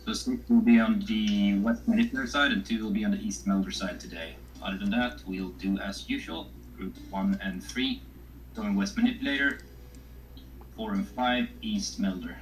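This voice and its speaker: A man's voice: lowish voice, moderate pace, slight background noise, low-quality recording. A man leading an online game raid over voice chat, giving directions and calling out group assignments. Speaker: raid leader. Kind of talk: casual voice chat while gaming.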